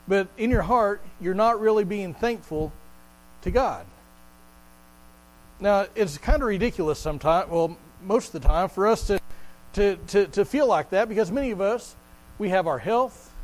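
A man preaching a sermon to a congregation in a conversational way, repeating words as he goes and slowing down to stress scripture quotes. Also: high-pitched, low-quality recording. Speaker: pastor.

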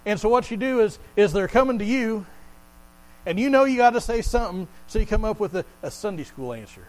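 A man preaching a sermon to a congregation in a conversational way, repeating words as he goes and slowing down to stress scripture quotes. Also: high-pitched, lively intonation, poor audio. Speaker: pastor.

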